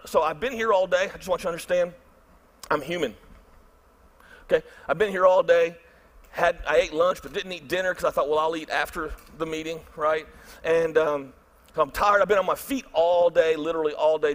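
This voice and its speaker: A middle-aged pastor tells a story in his sermon and acts out his inner thoughts with lively energy. His voice sits high for a man. He jumps between quiet asides and loud bursts. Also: moderate pace. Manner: animated, acts out his own inner voice loudly.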